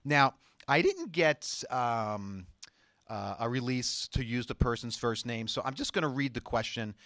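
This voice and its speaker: A man hosting a studio talk show as a doctor, speaking with emphatic insistence. His voice sits at an ordinary middle pitch, and the sound is close and dry. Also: sing-song, unhurried, a bit bright, dry recording. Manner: emphatic and insistent, reads viewer emails aloud.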